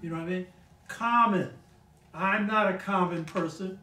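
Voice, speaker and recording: A man's voice: sits high, normal speed, bright, forceful tone, echoey room, distant mic, a little hiss or hum, poor audio. An older man on a talk show telling family stories in a casual, emphatic way, often asking "you know what I mean?". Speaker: guest speaker on a talk show. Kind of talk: casual storytelling conversation.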